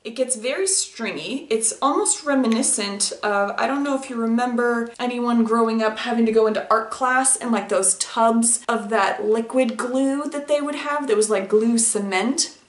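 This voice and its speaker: A woman chatting casually through a makeup vlog at home, rambling and quick to laugh. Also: fairly high pitch. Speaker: beauty vlogger. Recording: roomy echoey room.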